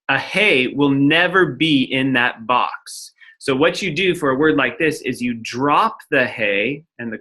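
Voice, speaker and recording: A man's voice: medium pitch, bright, forceful tone. A man teaching a lecture-style lesson, explaining step by step and often checking in with "right?". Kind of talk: recorded lecture at a whiteboard.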